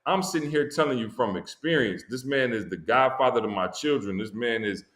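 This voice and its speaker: A mid-range male voice, fairly quick and heard in a roomy space, belongs to a guest speaker on a launch stream. With emphatic slang, he recounts a heartfelt tale about a friend, his voice rising whenever excitement hits.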